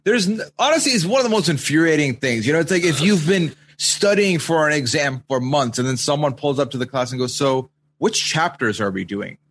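A man guesting on a podcast offers exasperated, opinionated takes in a relaxed chat. His voice sits a little higher than most men's, and a faint hiss with a low hum runs underneath. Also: fairly quick, hardly any pauses. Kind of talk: casual commentary chat.

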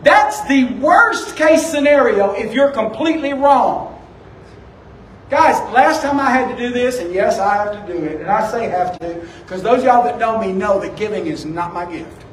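Male pastor, very high voice, chatty sermon delivery, recorded from a distance in an echoey church. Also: expressive, normal speed, a little hiss or hum. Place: church sanctuary. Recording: echoey room, distant from the mic.

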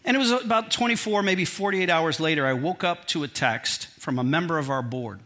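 A middle-aged male pastor preaching a sermon, telling a personal story in an animated, self-deprecating, humorous way. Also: a little high, brisk.

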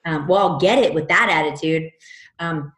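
A woman with a notably low, deep voice tells a story in a casual chat, animated and blunt, cursing without a second thought. Her voice rings in a roomy, echoey space. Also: normal speed. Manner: animated, frank, swears freely. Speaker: podcast co-host telling a personal story. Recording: roomy echo.

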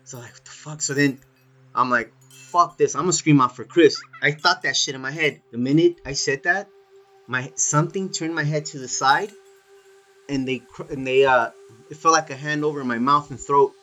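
A man's voice: medium pitch, moderate pace, soft background music. A man telling a story in casual chat, swearing freely and saying "dude" all the time. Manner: swears a lot, animated, says "dude" often.

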